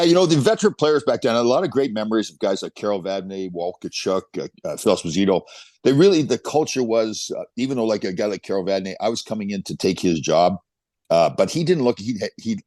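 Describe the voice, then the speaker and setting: A man in his sixties, a podcast guest telling animated stories with quick restarts. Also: lowish voice, no room sound. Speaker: podcast guest, former pro hockey player. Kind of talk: casual storytelling interview.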